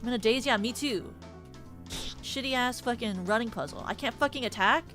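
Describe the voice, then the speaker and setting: A young woman streaming a game and reacting live, swearing often and breaking into sudden loud outbursts. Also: fairly high pitch, brisk, faint music behind. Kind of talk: live gameplay commentary.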